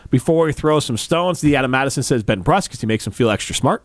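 A man's voice: mid-range voice, animated, fast talker. A man hosting a sports radio show, chatting casually, teasing and rambling in studio banter. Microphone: studio microphone.

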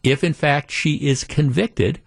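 A man's voice: on the high side, measured pace, vocal fry, slightly rough, no echo, studio quality. A man hosting a talk radio show, telling a story with animation and acting out the quotes.

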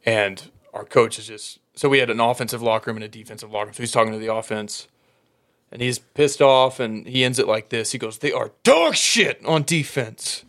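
A man telling animated football stories in casual chat, laughing often. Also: lowish voice, brisk.

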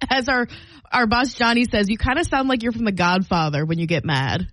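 A woman's voice: on the high side, moderate pace, dry recording. A woman from the East Coast with a slight New York accent, co-hosting a morning radio show and chatting expressively. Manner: expressive, exclaims and laughs often. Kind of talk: casual radio banter. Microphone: studio mic.

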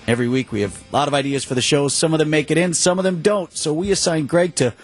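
A man's voice: a little high, quick pace, slightly rough. A man hosting a morning show, bantering in a friendly, easygoing way.

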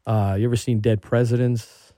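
Man, talk show host, animated, excitable, mid-pitched, dry studio sound. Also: moderate pace, dry recording. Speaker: podcast host. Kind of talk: casual chat.

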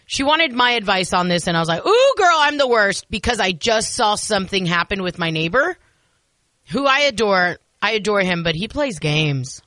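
A woman's voice: mid-range voice, expressive, normal speed, pushed and bright, no echo. A woman hosting a radio show in casual chat, chatty and self-deprecating, speaking into a studio microphone.

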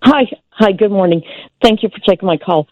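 A woman's voice: medium pitch, fairly quick, darkish tone, no echo. A woman calling into a radio show, hesitant and searching for her words. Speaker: caller. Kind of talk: radio call-in question. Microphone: phone. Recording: dull dry phone audio.

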